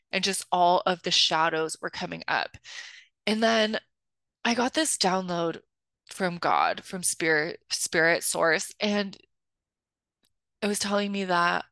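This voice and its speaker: A woman's voice: fairly low pitch, slow pace, bright, forceful tone, smooth, dry recording. A young adult woman hosting a solo podcast, talking candidly and confessionally with lots of filler words. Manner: chatty and confessional, heavy use of filler "like". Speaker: podcast host and spiritual life coach.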